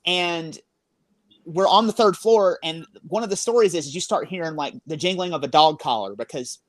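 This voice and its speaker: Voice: mid-range voice, moderate pace, slight background noise. A paranormal investigator telling a story on a casual podcast, rambling along with many fillers.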